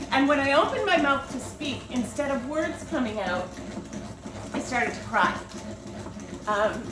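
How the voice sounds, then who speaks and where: A middle-aged woman, a writer, telling a self-deprecating personal story at home and animatedly acting out what people said. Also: on the high side. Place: home kitchen. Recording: roomy home recording from a distance, with background noise.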